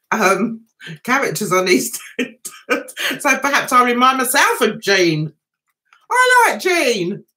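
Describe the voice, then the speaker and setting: A chatty woman talking on a livestream, her high voice climbing and dropping with every reaction. Her tone is bright and sharp, and she keeps up an excitable patter as she answers viewers. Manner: chatty and excitable, reads viewer comments aloud. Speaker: livestream host. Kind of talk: casual livestream chat.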